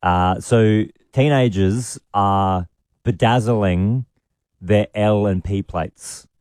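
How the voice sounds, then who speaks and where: A man's voice: lowish voice, drawn-out words, a little mellow, no room sound, clean studio sound. Upbeat radio host man. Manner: upbeat, teasing, runs the phone segment. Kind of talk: casual breakfast radio banter.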